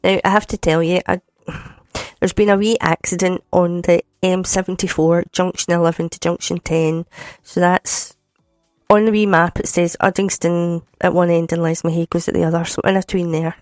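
A woman's voice: on the low side, flat delivery, moderate pace, dry recording. A Scottish woman presenting a Sunday radio show, chatty and jokey, sounding a bit groggy, on a studio microphone. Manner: chatty, jokey, warm teasing asides. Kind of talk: casual radio chat. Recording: dry studio sound with faint music.

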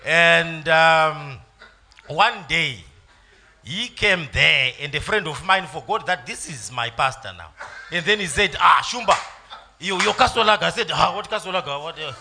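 A man's voice: on the high side, animated, measured pace, background noise. A man giving an emotional, storytelling church testimony. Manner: storytelling, emotional, laughing at times.

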